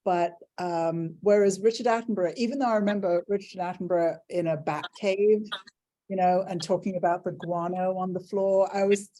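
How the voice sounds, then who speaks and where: A middle-aged woman from England hosting an interview over a video call, chatty and animated as she tells stories and acts out quotes. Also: on the low side, a little fast. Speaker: interview host. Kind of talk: casual conversational interview.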